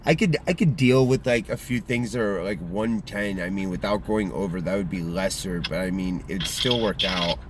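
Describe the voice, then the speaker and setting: A man's voice: deep voice, normal speed, hardly any pauses, noisy background. A man casually livestreaming from a car, rambling in loose slangy talk full of fillers. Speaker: streamer. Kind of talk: casual mobile livestream chat.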